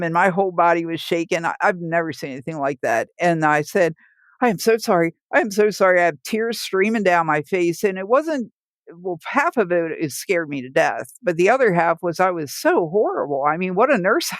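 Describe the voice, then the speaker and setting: A woman's voice: fairly low pitch, dry recording. A woman, a hospice nurse, telling her own stories in a podcast interview, laughing as she goes and acting out what people said. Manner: vivid storyteller who laughs while telling and acts out the people she quotes. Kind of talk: personal storytelling in a podcast interview.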